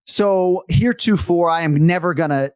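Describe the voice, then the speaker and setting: A man's voice: high voice, moderate pace, darkish tone, clear, resonant tone, no room sound, clean studio sound. A man hosting a sports podcast in casual chat, wordy and playful. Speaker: podcast host.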